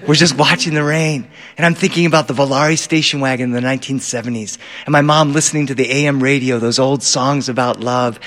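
Lively male storyteller in echoey hall. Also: fairly high pitch. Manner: animated, acts out dialogue. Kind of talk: performed personal story.

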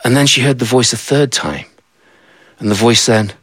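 A man's voice: medium pitch, moderate pace, long pauses, a bit bright, slightly rough, dry recording. Conversational male folktale storyteller. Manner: conversational, asides to the listener. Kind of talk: told folktale.

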